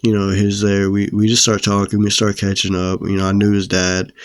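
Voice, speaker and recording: A man's voice: lowish voice, completely flat delivery, brisk, clear, resonant tone, dry recording, clean studio sound. A young man telling a story in a casual, slangy, profane way. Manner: laid-back, slangy and profane. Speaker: storyteller vlogger.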